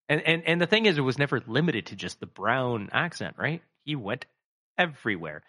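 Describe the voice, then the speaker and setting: Lively, bright-voiced man in rambling chat. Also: mid-range voice, a little fast. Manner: rambling, animated, swearing, acts out quoted voices. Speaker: podcast co-host. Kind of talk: casual comedy chat.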